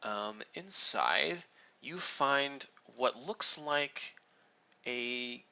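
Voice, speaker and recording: Man, game master, very bright tone, explanatory, hesitant fillers. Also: mid-range voice, lively intonation, extremely slow, creaky, low-quality recording. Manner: explains rules and lore at length, with many ums. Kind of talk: narrating a tabletop game.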